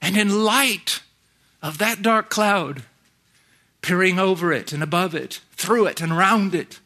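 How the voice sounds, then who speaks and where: A middle-aged man preaching a sermon, moving between hushed, intense passages and shouted emphasis. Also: sits high, measured pace.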